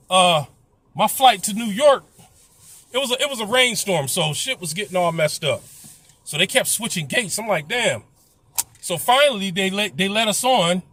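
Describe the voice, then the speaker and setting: A man's voice: high-pitched, sharp tone. A middle-aged man telling a casual, profane story, blunt and complaining. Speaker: vlogger.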